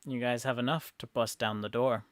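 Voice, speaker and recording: A man narrating and ruling as dungeon master in a tabletop game, in calm, measured speech. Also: medium pitch.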